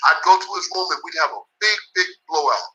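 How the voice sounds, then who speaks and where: A man's voice: fairly high pitch, expressive, brisk, bright, forceful tone, rough recording. An older man, a boxing trainer, telling stories in an interview in an emphatic, profane, repetitive way. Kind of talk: storytelling interview.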